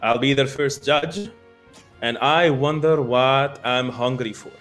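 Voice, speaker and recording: A man voicing a pompous male military officer and grand showman, with a booming, declamatory, theatrical delivery. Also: slow, fairly bright tone, soft background music. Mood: showy, teasing.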